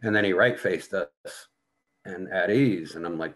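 Gruff deep-voiced man, swearing storyteller. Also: measured pace, a bit bright. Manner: profane, blunt storytelling. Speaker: guest. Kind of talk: casual conversation, storytelling.

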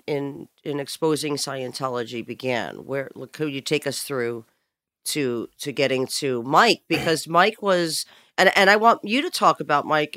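A male podcast host with a bright, tense voice, recorded dry and close. He talks in a casual, halting way, often restarting and repeating words as he asks questions. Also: a little high, no room sound. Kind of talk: casual interview chat.

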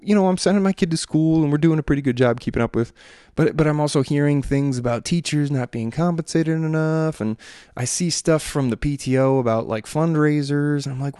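A man's voice: mid-range voice, darkish tone, smooth, no room sound, clean studio sound. A man in his thirties talking through his thoughts in a rambling, hesitant monologue full of fillers and restarts. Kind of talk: reflective solo monologue.

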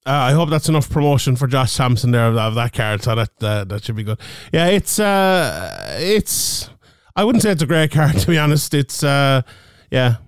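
A man's voice: medium pitch, sing-song, moderate pace, hardly any pauses, clear, resonant tone, no echo, clean studio sound. A man co-hosting a podcast, chatting casually through a fight card in a rambling way full of fillers. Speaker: podcast co-host. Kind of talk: casual MMA fight preview chat.

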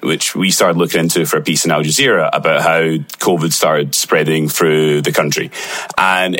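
A man with a Glaswegian accent, a podcast guest telling a story in a relaxed, casual way. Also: sits low. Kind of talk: casual interview talk.

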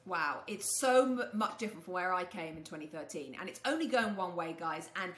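A middle-aged woman with an English accent, chatting as a guest on a sports podcast, lively and laughing often. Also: lowish voice, brisk. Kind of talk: casual podcast chat. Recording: roomy echo.

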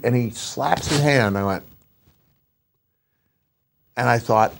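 A middle-aged man and retired wrestler telling animated, rambling stories in a casual podcast chat. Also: medium pitch, unhurried, long pauses, slight background noise. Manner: animated, rambling anecdotes with restarts.

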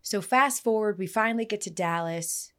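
A woman hosting a casual podcast, telling stories with lively energy and acting out the people in them. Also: medium pitch, normal speed. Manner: animated storyteller, voices the people in her stories. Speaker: podcast host.

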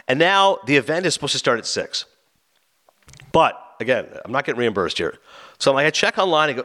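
A man rattles through a casual podcast story at a fast clip, his pitch leaping all over as he acts out who said what. His voice is bright and forward, a touch above the usual man's pitch, and he trips into quick stammering restarts when excited. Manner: animated anecdote teller, acts out his own and others' quoted lines.

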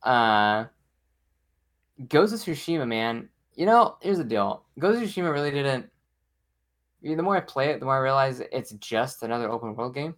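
A man's voice: mid-range voice, expressive, moderate pace, a bit bright. A man co-hosting a casual podcast, talking with enthusiasm. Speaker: podcast co-host.

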